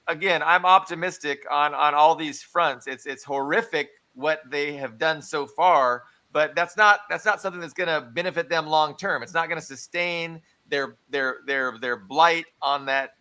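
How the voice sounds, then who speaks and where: A man's voice: fairly high pitch, bright, forceful tone, smooth. A man co-hosting a casual political discussion podcast, talking earnestly and thinking aloud. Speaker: podcast co-host.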